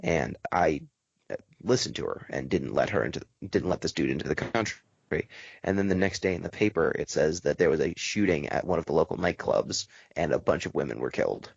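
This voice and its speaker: A man hosting a casual podcast discussion, telling stories in an animated, quick way. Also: very deep voice, vocal fry, slightly rough, dry recording, muffled recording. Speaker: podcast host.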